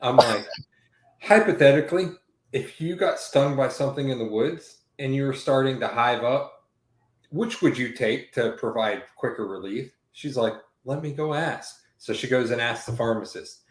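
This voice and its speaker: A man spins a rambling, swear-filled story in loose, casual talk. His voice sits at an ordinary middle pitch and bounces off the walls of an echoey room. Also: moderate pace. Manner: profane, rambling, animated retelling with quoted dialogue. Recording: roomy echo.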